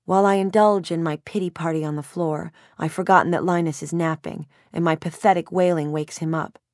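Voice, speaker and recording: A woman's voice: lowish voice, steady tone, brisk, a little mellow, no room sound, studio quality. A woman in her thirties narrating a first-person novel in a wry, self-mocking, emotional way. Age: 30s. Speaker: audiobook narrator.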